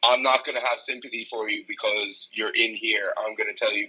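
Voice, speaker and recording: A young Irish man in his twenties, talking as a strength coach on a podcast. His voice is very bright with a husky edge. He speaks bluntly and frankly and swears freely. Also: on the low side, fairly even intonation, a little fast, rough recording. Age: 20s. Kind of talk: casual podcast conversation.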